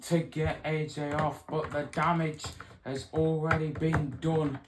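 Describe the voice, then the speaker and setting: A woman's voice: sits low, flat delivery, unhurried. A woman giving emotional, swearing fan commentary on a wrestling video game. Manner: emotional, swearing, outraged outbursts. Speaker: play-by-play commentator. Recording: echoey room, clear background noise.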